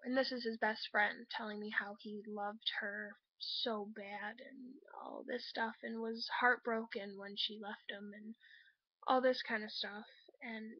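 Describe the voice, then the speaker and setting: A young woman telling a personal breakup story, halting and hurt, leaning on fillers as she talks. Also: a little high, dry recording. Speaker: vlogger. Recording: dull, dry home recording.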